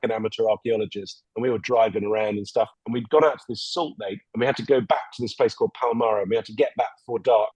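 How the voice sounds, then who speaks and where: Fast-talking husky man telling stories. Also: medium pitch, no echo, highs cut off. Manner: animated, swears freely, quick tangents. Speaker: podcast guest. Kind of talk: casual anecdotal storytelling.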